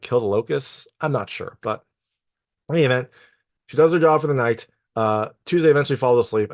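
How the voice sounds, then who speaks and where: A man recaps a film's plot in a relaxed, rambling way, leaning on "like" and "you know" as he thinks aloud. His voice sits at an ordinary pitch. The recording is dry, with no room sound. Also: no echo. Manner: loose and chatty, peppered with "like" and "you know". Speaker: film reviewer. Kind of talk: casual spoken plot recap.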